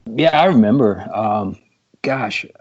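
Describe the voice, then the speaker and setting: A man's voice: on the low side, animated, slow. A man of about forty, a guest drummer, telling stories in a casual podcast chat, laid-back with lots of ums. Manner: laid-back storytelling with many fillers. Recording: dull lo-fi sound.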